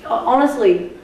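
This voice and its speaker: A woman's voice: sits high, heavy background noise. A young woman with a New Zealand accent telling a story to a live audience, swearing freely and laughing often. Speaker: guest speaker at a film screening. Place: cinema auditorium. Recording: echoey cinema taped from far off.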